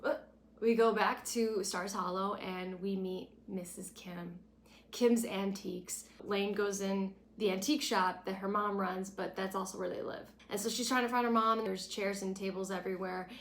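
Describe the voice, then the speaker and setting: A woman's voice: mid-range voice, steady tone, moderate pace. A young woman giving a casual, sarcastic and opinionated recap, blunt and outspoken in tone. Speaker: recap vlogger. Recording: echoey room.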